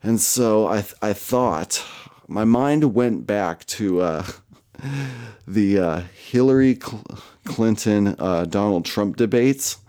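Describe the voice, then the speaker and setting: A man's voice: lowish voice, lively intonation, slow pace, mellow. A man casually telling a personal story, rambling and profane, with lots of fillers and self-mocking asides.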